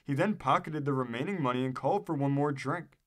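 A man with a middle-pitched voice reads an old newspaper article aloud. His delivery is steady and measured, narrating each scene plainly.

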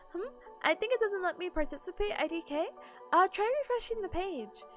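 A woman's voice: extremely high pitch, expressive, moderate pace, fairly bright tone, soft background music. A sleepy woman streamer chatting casually with her viewers, giggling often and greeting people in chat.

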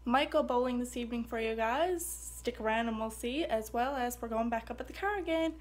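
A woman's voice: a little high, a little fast. A woman vlogging in a chatty, upbeat way, talking to her viewers about her busy day. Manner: upbeat, chatty, addresses viewers as "you guys". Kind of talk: casual vlog chat.

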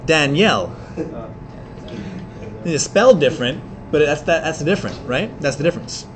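A man teaching an English class, explaining in quick bursts with many fillers and restarts. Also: on the high side, lively intonation. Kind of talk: classroom lecture.

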